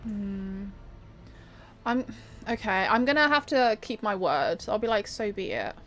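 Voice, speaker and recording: A woman's voice: mid-range voice, expressive, a little slow, fairly bright tone. A woman giving casual, hesitant let's-play commentary, thinking aloud as she picks dialogue choices. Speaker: gamer playing through a story game.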